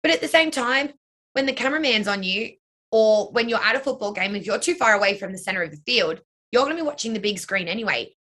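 A young woman answers interview questions about coaching dance and cheer. Her voice is bright and a little sharp, and she talks in a loose, chatty way with plenty of "like" and "you know". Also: a little high, animated, quick pace.

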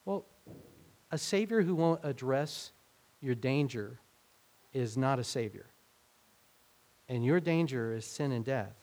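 A man's voice: mid-range voice, animated, slow pace, pauses often, a little mellow. Conversational man preaching a sermon. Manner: conversational, acts out quoted speech with rising emphasis. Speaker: pastor.

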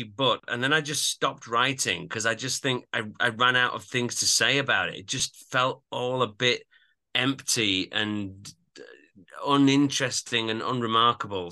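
Bright-toned man. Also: mid-range voice. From Yorkshire, England. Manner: easygoing, agreeable, trails off mid-thought. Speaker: podcast co-host. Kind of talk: casual music review chat.

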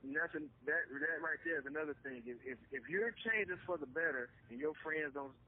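A man's voice: on the high side, fairly quick, breathy edge. Slangy man co-host, phone-like sound. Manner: blunt, slangy, acts out quoted voices. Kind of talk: casual chat.

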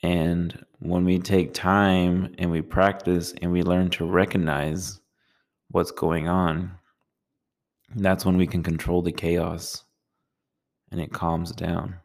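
A man with a low, flat voice gives a calm talk on meditation. His delivery is slow and soothing, and each phrase is measured. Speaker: meditation teacher.

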